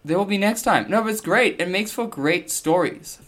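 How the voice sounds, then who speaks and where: A man's voice: sits high, normal speed, a bit bright. A man hosting his own podcast, telling a travel story in a casual, self-deprecating, joking way. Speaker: podcast host.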